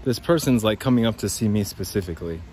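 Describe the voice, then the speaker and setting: A man's voice: lowish voice, fast talker, a little mellow, a little hiss or hum. A man rambling and swearing through a podcast monologue as he walks outdoors by a creek. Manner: rambling, profane, talks to listeners as guys. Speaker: podcast host. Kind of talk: rambling walk-and-talk monologue.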